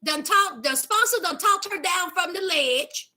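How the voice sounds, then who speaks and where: Play her as a sassy woman recapping a show, with a very high, sharply bright voice that swoops up and down. Keep her unhurried, dramatic and gossipy, leaning on every aside to her listeners. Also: expressive. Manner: sassy, dramatic, calls listeners honey and child. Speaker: YouTube reality-TV recapper. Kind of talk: casual commentary recap.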